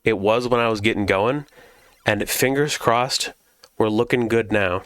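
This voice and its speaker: A man streaming a video game, chatting casually and relaxed with his viewers. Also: lowish voice, measured pace, a little hiss or hum. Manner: relaxed, chatty, talks to chat.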